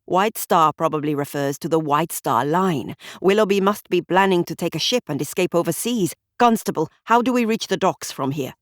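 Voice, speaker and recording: A woman voicing a sharp, driven male detective who gives urgent commands in an audiobook. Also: lowish voice, lively intonation, moderate pace, hardly any pauses, dry recording, studio quality, natural voice. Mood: urgent commanding.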